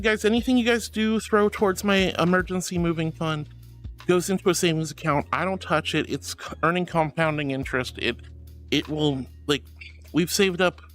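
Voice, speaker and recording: High-voiced, affectionate male streamer. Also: a bit bright. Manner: affectionate, calls viewers sweetheart and honey; gushing and playful. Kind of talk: casual livestream chat, reading viewer messages.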